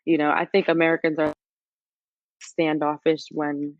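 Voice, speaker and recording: Casual New York woman guest, lowish voice, dry muffled recording. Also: normal speed, no echo. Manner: relaxed, peppers speech with "like". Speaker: podcast guest. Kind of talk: casual podcast chat. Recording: dull, dry, muffled sound.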